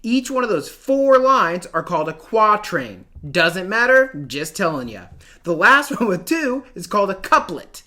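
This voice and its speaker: A man's voice: high voice, very animated, a little slow, sharp tone. A man teaching an online class in a jokey, slangy way, sometimes chanting words in a sing-song rhythm. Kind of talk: playful online lesson.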